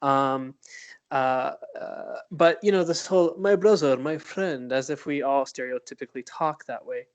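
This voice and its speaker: A man's voice: mid-range voice, normal speed, clear, resonant tone. A man co-hosting a podcast in casual chat, rambling and hesitant with many fillers. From Arab background. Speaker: podcast co-host.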